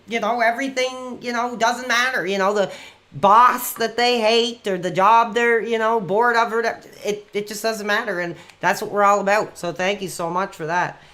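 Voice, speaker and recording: A man hosting a live call-in stream in a rambling, quick-tempered, often exasperated way. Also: extremely high pitch, pushed and bright.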